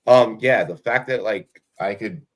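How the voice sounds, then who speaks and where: A man's voice: fairly low pitch, measured pace. A young man hosting a fantasy football show, chatting casually and profanely, rambling with lots of fillers and restarts over a remote call. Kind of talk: casual profane podcast chat.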